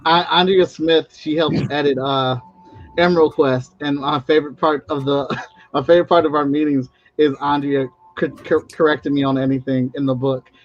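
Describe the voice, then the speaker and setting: A man speaking as a guest in a casual online chat, relaxed and rambling, laughing easily. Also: on the high side, moderate pace. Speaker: guest, comic creator. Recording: dull, dry lo-fi sound.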